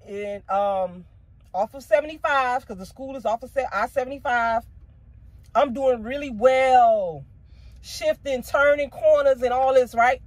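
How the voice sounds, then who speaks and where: A woman's voice: on the high side, no echo. A woman vlogger casually telling a personal story to her viewers, candid and emotional, with slangy asides.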